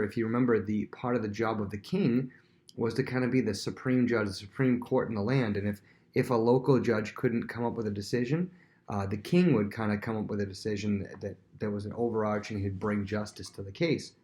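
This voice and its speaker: A man's voice: fairly low pitch, steady tone, fairly quick, a little mellow. A man teaching a recorded Bible lesson in a conversational way, acting out scenes and often repeating himself.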